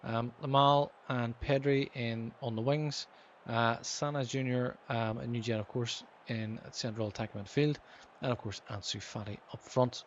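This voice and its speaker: Male gaming host, casual play-by-play, halting with lots of ums, slightly dull mic with faint noise. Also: medium pitch, steady tone. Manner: hesitant, many ums and restarts; livens up calling match action. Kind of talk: casual gameplay commentary.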